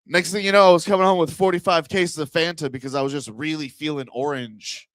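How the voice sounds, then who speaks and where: A male stand-up comic working the crowd on a handheld mic, his fairly high voice smooth and clear. He rambles through bits and keeps breaking into laughs at his own lines. The sound is close and dry. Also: steady tone, fast, fairly bright tone, no room sound. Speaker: stand-up comedian. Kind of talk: stand-up set with crowd work. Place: comedy club stage.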